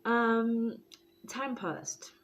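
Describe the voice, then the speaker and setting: A South African woman telling a story to camera in a casual vlog. She is animated, laughs often and slips into Zulu phrases. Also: fairly high pitch, very slow, slight background noise, poor audio. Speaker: YouTuber.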